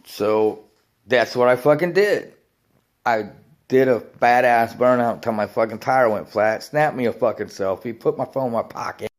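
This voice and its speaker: A man's voice: medium pitch, moderate pace. A man telling a rambling biker story in casual talk, swearing often and laughing between lines.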